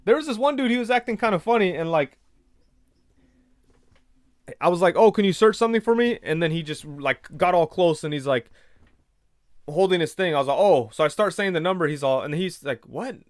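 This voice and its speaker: Smooth-voiced man hosting a casual livestream. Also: fairly high pitch, brisk, long pauses, no room sound, studio quality. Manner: rambling storyteller, retells conversations in quoted voices. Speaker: livestream host reading viewer comments. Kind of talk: casual chat.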